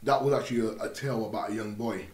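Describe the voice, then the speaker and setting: A young man with a London accent telling stories in a casual podcast chat, animated and acting out the voices in his anecdotes. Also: lowish voice, racing. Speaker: podcast guest. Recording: roomy room.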